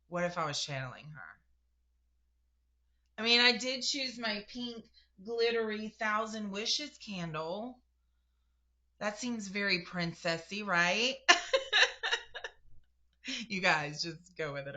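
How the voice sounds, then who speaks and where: A woman's voice: medium pitch, bright, forceful tone. A young woman giving a casual spiritual reading to camera, chatty and emotional, talking straight to her viewers. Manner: chatty and emotional, addresses viewers directly, laughs and gasps. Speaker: spiritual reader.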